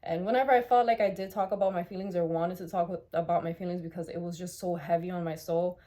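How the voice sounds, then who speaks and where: A woman's voice: fairly low pitch, steady tone, fast, dark tone. A young adult woman talking candidly in a personal vlog, raw and heartfelt, swearing freely and circling back over her thoughts. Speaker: vlogger.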